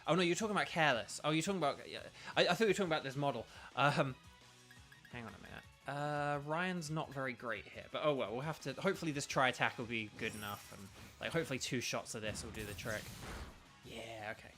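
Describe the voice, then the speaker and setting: Young british guy streaming a game, chatty and rambly, bright voice, faint music behind. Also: medium pitch, animated, fast. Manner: chatty, rambling, many ums and restarts, laughs often. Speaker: streamer playing a video game. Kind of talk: casual live-stream chat.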